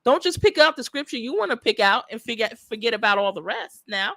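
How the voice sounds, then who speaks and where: A woman hosts a livestream and chats with her viewers in an excitable, animated way, reading their comments aloud. Her voice is bright and a little high, and the sound is dry and close. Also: fairly quick, dry recording. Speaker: psychic livestream host.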